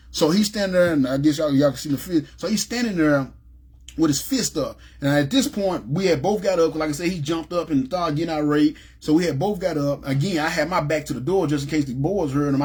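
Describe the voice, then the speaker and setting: A man from Memphis telling his personal testimony in a rambling, animated way and often asking "you know what I'm saying". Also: fairly high pitch, breathy edge. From Memphis, USA. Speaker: ministry speaker giving testimony.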